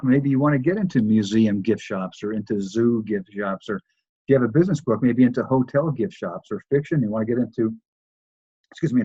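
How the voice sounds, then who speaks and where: A man's voice: fairly low pitch, darkish tone, slightly rough, no room sound, dull audio. A man teaching a recorded course, talking loosely with many restarts and repeated words. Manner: loose, repetitive delivery with frequent restarts. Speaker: course instructor.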